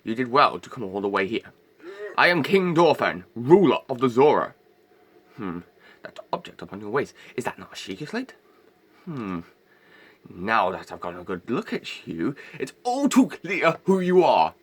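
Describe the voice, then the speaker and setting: A man's voice: medium pitch, sing-song, normal speed, slightly rough. A man doing a grand old fish king. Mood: welcoming. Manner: formal, grand old-fashioned speech. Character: huge regal old male fish king, warm-hearted. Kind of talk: amateur game voice-over.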